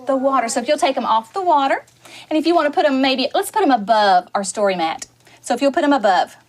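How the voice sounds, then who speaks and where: Brisk, high-voiced kindergarten teacher. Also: female voice, animated. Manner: brisk, encouraging instructions to young children. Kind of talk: classroom lesson with storytelling. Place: classroom. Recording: noisy classroom recording.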